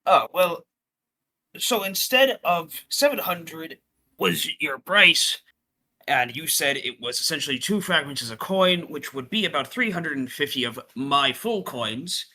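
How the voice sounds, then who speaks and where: A man's voice: on the high side, lively intonation, measured pace, sharp tone. A man playing his character in a tabletop game, haggling in a casual drawl. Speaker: player.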